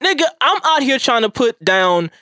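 A man's voice: very high voice, sing-song, normal speed, bright, forceful tone, clear, resonant tone, no echo, clean studio sound. A man on a podcast, ranting emphatically and profanely in a heated casual debate. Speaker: podcast co-host.

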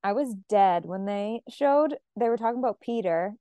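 A woman hosting a casual podcast chat, animated and giggly as she retells moments with quoted reactions. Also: mid-range voice, moderate pace, clear, resonant tone, dry recording, studio quality. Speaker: podcast host.

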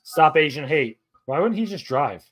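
A man's voice: fairly high pitch, animated, moderate pace, a bit bright, breathy edge. A man co-hosting a podcast, asking puzzled questions and cracking crude jokes during a movie. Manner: quizzical, crude, wisecracking. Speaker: podcast co-host. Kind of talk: casual movie watch-along banter.

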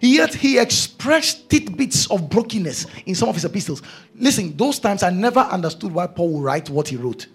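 Emphatic preacher, high and gravelly. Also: male voice, very animated, moderate pace. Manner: emphatic, repeats key phrases. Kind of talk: sermon.

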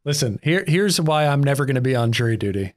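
A man's voice: mid-range voice, lively intonation, fast talker, dry recording, clean studio sound. A man, co-hosting a podcast in a rambling, self-deprecating, jokey way. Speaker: podcast co-host. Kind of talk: casual chat.

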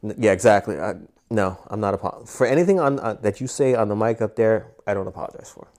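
A man guesting on a comedy podcast in casual chat. His voice is low and warm, and he talks in an easygoing way, full of fillers and swearing. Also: quick pace. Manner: laid-back, profane, filler-heavy.

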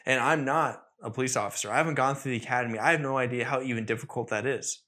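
A man's voice: medium pitch, quick pace, bright, forceful tone. A young man hosting a solo podcast, talking earnestly and critically about himself, often rambling and restarting his sentences. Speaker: podcast host.

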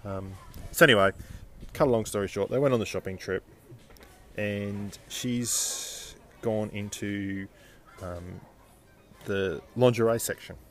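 A man telling a casual anecdote in a rambling, halting way, full of restarts and fillers. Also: fairly low pitch, a bit bright. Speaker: storyteller.

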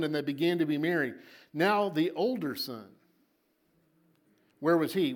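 A man preaching a sermon to a congregation. He tells the story dramatically, repeats words for emphasis, and swings between loud and soft. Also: a little high, unhurried, long pauses. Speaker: pastor.

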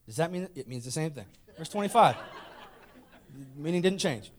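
A man's voice: on the high side, animated, normal speed. A young man preaching a comedic sermon, playful and teasing as he talks straight to the congregation.

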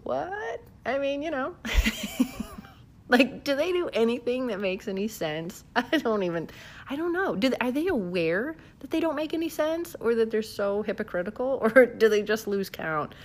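A woman's voice: on the high side, big pitch swings, moderate pace. Chatty woman talking into her phone. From southern United States. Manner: chatty, laughs often, many fillers. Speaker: vlogger. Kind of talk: casual chat to camera. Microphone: phone held in hand.

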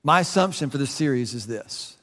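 A man's voice: mid-range voice, expressive, a little fast, fairly bright tone, long reverb tail. A man from the United States preaching a sermon in a conversational way, restarting phrases and adding asides. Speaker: pastor.

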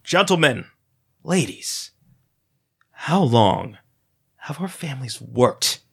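A man's voice: medium pitch, big pitch swings, gravelly, fairly bright tone, slightly rough, heavily acted. A man voicing a charming, sinister bald male auctioneer who talks like a preacher, in a read-aloud story. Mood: preaching, rousing. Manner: preacher-like oration, drawn-out words. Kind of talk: story reading.

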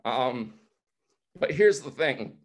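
A man in his forties speaks over a video call, his voice sitting a touch high. He gives a motivational testimony that is emotional and fired up, getting choked up at times. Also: unhurried, fairly bright tone. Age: 40s. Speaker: guest speaker.

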